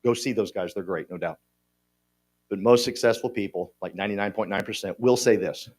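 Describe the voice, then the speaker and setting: A man's voice: fairly low pitch, a little fast. A man, giving a folksy, joking motivational talk to a conference audience. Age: 50s. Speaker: conference speaker. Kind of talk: motivational speech. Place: conference hall.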